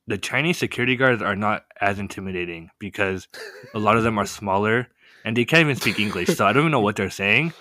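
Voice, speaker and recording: A young man telling a story in a casual chat, animated and full of fillers. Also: lowish voice, fast talker, no echo, clean studio sound. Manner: animated, many "like" fillers, laughs often. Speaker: podcast guest telling a story.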